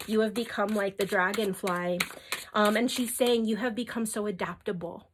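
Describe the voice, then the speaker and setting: A young adult woman gives a spiritual tarot reading in a soft, earnest, emotional way, often checking in with "okay?" and filling gaps with "like." Her voice is medium-pitched and steady at a normal speed, with a little hiss or hum in the background.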